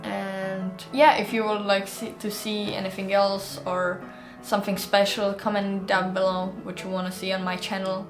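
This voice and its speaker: Casting: woman narrator for a fan audiobook, mid pitch, roomy room, faint music underneath. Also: flat delivery, normal speed, few pauses. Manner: plain storytelling, chatty in outro.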